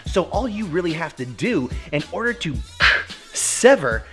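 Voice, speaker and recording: A man hosting an energetic, jokey dog-training video in a casual tutorial style. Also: fairly high pitch, measured pace, faint music behind. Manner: animated, jokey, puts on goofy voices for the dogs.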